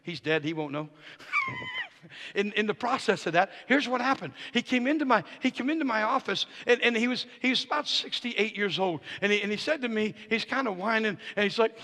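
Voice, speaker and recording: Speaking a little fast in a high voice, a guest preacher gives a charismatic sermon, shifting from quiet words to loud proclamations and narrating stories with quoted lines. The setting is a church sanctuary, heard through long, echoing hall reverb.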